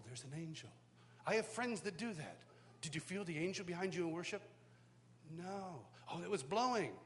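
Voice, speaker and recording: A man's voice: a little high, fairly bright tone, a little hiss or hum. Man telling a humorous personal testimony. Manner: storytelling, acts out quoted voices, self-deprecating humor. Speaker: worship teacher. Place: live church worship school session.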